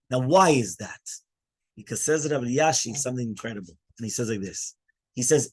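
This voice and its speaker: Husky-voiced rabbi giving an animated class. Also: male voice, mid-range voice. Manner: animated, asks the listeners questions and quiets them. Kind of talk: Torah class to a live audience.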